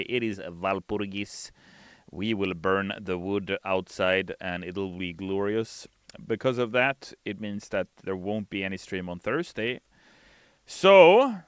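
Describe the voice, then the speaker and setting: Brief: male stream host, lowish pitch, crisp and smooth, dry close sound, easygoing chat-reading delivery. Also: no echo. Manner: relaxed, reads chat messages aloud and answers them. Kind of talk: casual livestream chat while playing. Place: studio.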